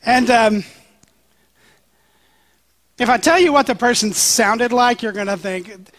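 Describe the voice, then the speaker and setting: A man's voice: very high-pitched, slow, long pauses, fairly bright tone, no echo. A male pastor preaching a sermon in a conversational, joking way, with frequent "um"s.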